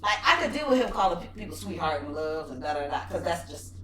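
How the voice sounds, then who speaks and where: A woman's voice: lowish voice, quick pace. A woman co-hosting a podcast, chatting casually and acting out quoted remarks. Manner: animated, acts out quoted remarks. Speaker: podcast co-host. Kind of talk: casual chat. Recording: echoey room, mic at a distance, faint noise.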